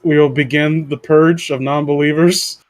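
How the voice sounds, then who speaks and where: Podcast host guy, a bit high voiced, jokey, stumbles reading stuff out. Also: steady tone, no room sound. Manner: reads aloud haltingly, joking. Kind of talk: casual podcast chat.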